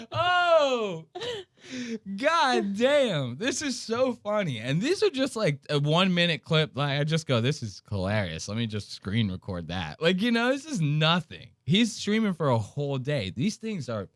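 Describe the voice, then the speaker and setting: Male podcast host, animated and profane, dry close mic. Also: a little high, moderate pace, hardly any pauses, dry recording. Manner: animated storytelling, acting out quotes, laughing, swearing. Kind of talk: casual podcast chat.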